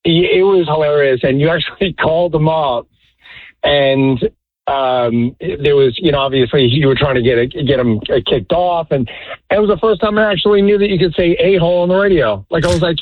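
A man calls in to a radio show over a tinny phone line that sounds thin and narrow. He talks haltingly and restarts his sentences often. His pitch sits slightly high. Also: dry recording. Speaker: caller.

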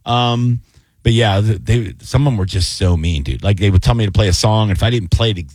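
A man in his thirties co-hosting a radio talk show, an animated storyteller who slips into mock DJ and anchor voices. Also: fairly low pitch, a little fast, no echo. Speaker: radio co-host. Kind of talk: casual chat.

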